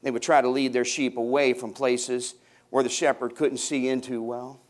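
A male pastor preaching from the pulpit in a mid-range voice. He drops to hushed, slow phrases and then climbs into loud, ringing emphasis. He calls out to the congregation to answer him. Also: medium pitch, flat delivery. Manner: swings from hushed to loud, rising emphatic passages. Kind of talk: sermon.

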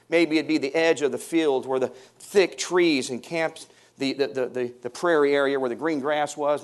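A male pastor preaching from the pulpit in a mid-range voice. He drops to hushed, slow phrases and then climbs into loud, ringing emphasis. He calls out to the congregation to answer him. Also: mid-range voice. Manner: swings from hushed to loud, rising emphatic passages. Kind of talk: sermon.

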